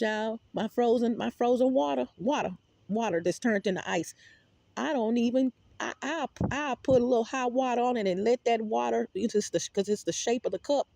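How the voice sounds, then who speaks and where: A woman's voice: a little high, vocal fry, darkish tone, dry recording. A woman talking casually to her viewers in a rambling, emphatic way, repeating words and swearing freely. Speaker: vlogger.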